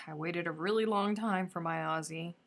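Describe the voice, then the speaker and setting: A woman chatting to her viewers on a casual craft livestream. Her voice sits a bit low and carries a gravelly fry. She talks effusively and now and then slips into near-whispered asides. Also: moderate pace. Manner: effusive and chatty, drifting into soft murmurs. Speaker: crochet livestream host. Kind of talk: casual live-stream chat.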